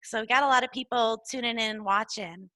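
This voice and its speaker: A woman's voice: a little high, fairly quick, bright, forceful tone, no echo. A woman hosting a live-streamed interview, asking questions and reading out viewer names. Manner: friendly, reads out viewer names, uses "um". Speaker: host.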